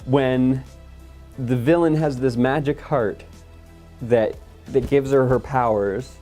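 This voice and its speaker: A man's voice: medium pitch, steady tone, slow, mellow, soft background music. A man hosting a casual movie review chat, blunt and sarcastic, swearing freely. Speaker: movie review podcast host.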